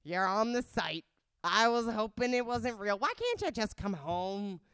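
A woman's voice: mid-range voice, very animated, measured pace, clear, resonant tone, no room sound, voice pushed up. A woman imitating her exasperated middle-aged mother, using a nasal, scolding voice. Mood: pleading, dismayed. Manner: yelling, scolding, swearing.

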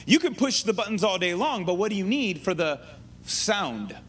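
A man's voice: sits high, big pitch swings, moderate pace, fairly bright tone, husky. A man preaching a sermon in a conversational teaching style, full of asides and restarts. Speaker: pastor.

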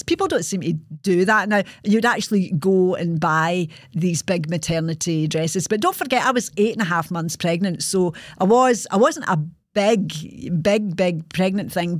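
A woman's voice: lowish voice, no room sound, clean studio sound. A woman in her sixties with a Scottish accent, hosting a podcast and telling a personal story in a frank, earthy way, swearing freely. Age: 60s. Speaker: podcast host.

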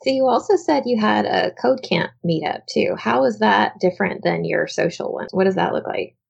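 Gravelly-voiced woman asking questions. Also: mid-range voice, moderate pace, muffled recording. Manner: curious, asks short follow-up questions. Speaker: podcast host. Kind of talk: interview questions.

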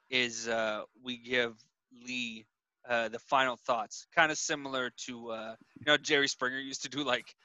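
A man's voice: medium pitch, bright, forceful tone, no echo, highs cut off. A man hosting a podcast, easygoing and loose, with many fillers. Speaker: podcast host. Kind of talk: casual chat.

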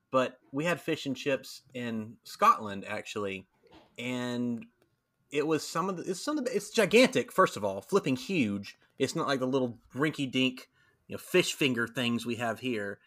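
A man's voice: mid-range voice, expressive, normal speed, fairly bright tone. A man hosting a casual podcast, chatty and self-deprecating, often laughing. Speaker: podcast host.

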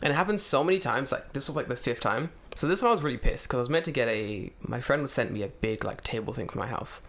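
A man's voice: medium pitch, lively intonation, quick pace, fairly bright tone. A man in casual chat, telling a story with lots of swearing and acted-out voices. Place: lives in Japan.

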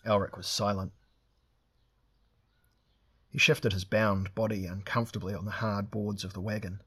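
A man's voice: on the low side, little pitch movement, moderate pace, a bit bright, breathy edge. A man narrating a fantasy story, lifting his voice for the characters' lines. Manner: reads dialogue with raised voices for characters. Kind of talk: audiobook narration.

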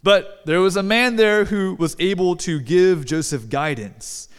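Pastor guy preaching, high clear voice, long church echo, chatty with the crowd. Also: unhurried. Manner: conversational, asks the congregation questions. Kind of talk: sermon. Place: church sanctuary. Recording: long hall reverb.

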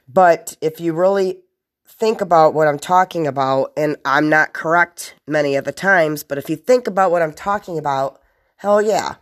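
Low-voiced woman rambling on her podcast. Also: darkish tone. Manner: blunt, profane, scattered, with restarts. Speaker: podcast host. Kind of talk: rambling solo podcast monologue.

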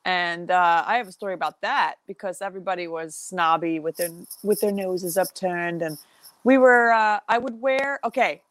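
A woman co-hosting a casual podcast chat, telling stories in a lively, chatty way. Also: lowish voice, moderate pace, no room sound. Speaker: podcast co-host.

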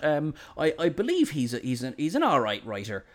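A man's voice: fairly high pitch, huge pitch swings, fairly quick. A man with an Irish accent hosting a podcast, talking in an effusive, enthusiastic way. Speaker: podcast host. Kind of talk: casual podcast chat.

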